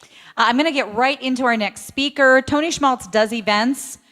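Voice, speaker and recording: A woman's voice: high-pitched, normal speed, fairly bright tone, long reverb tail. A woman hosting an online summit, chatting loosely with fillers as she introduces the next speaker. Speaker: event host.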